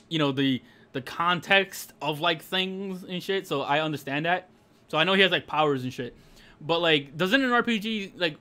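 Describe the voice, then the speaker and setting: A man's voice: a little high, bright, forceful tone. A young man streaming a racing game, ranting in casual chat with lots of laughter and swearing.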